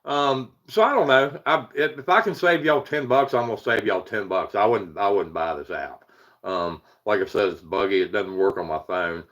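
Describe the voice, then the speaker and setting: A man's voice: lowish voice, moderate pace, fairly bright tone. Rambling man chatting on a livestream. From Eastern United States. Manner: rambling, self-deprecating, chuckles often, greets chatters. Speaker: paranormal livestream host. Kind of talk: casual livestream chat.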